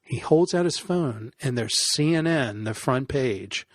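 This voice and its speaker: Male podcast guest, casual animated storyteller, mid-range voice, dry mic. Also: medium pitch, a little slow, no room sound. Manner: animated, laughs often, acts out quoted voices.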